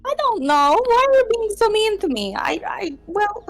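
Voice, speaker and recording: A woman's voice: high-pitched, lively intonation, a little slow. A woman voicing a timid, touchy young woman adventurer who stammers and turns defensive in a tabletop game. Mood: flustered. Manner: flustered and defensive.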